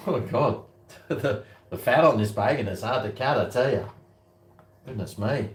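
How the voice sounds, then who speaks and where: A man's voice: medium pitch, a little slow, distant mic. Rambling Australian man cooking in echoey kitchen. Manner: blunt, rambling, swears freely. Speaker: cooking vlogger. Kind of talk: casual talk to camera while cooking. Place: home kitchen.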